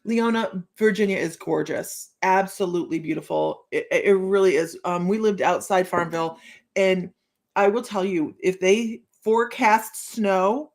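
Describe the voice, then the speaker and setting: A woman's voice: medium pitch, measured pace. A woman hosting a casual live psychic-reading stream, chatty and playful, laughing often as she reads out cheeky card lines. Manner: giggly, chatty, laughs often between remarks.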